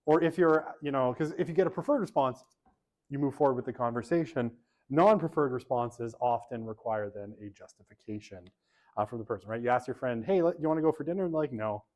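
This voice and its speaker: A man's voice: medium pitch, brisk, darkish tone. A man lecturing a university class in a casual, chatty way, often checking in with "right?" and poking fun at his own habits. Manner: chatty, self-deprecating, fills with "right?" and "okay".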